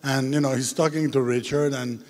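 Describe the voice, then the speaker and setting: A film director as interview guest, telling lively anecdotes with frequent hesitations, on the stage of a large hall. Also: male voice, medium pitch, moderate pace. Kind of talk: onstage festival interview. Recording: long hall reverb.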